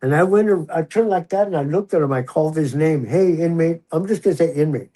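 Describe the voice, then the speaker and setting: A husky, mellow-toned older man tells his story as a guest in a relaxed interview. He talks in a slightly higher register and acts out the lines of the people in his story. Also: fairly quick, rough recording. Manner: animated, acts out the quoted voices. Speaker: guest, retired prison officer. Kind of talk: casual storytelling in a podcast interview.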